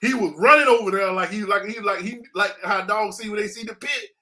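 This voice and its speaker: A man's voice: sits high, a little fast. A man telling a story as an interview guest in casual, slangy talk, acting out the sounds. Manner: animated, slangy, acts out sounds.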